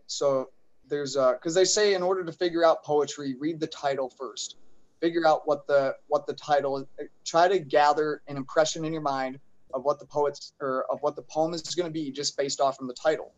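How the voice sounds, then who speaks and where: A man's voice: a little high, steady tone, normal speed, dull audio. A man taking part as a guest in a casual talk show, thinking aloud with many fillers. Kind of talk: casual chat.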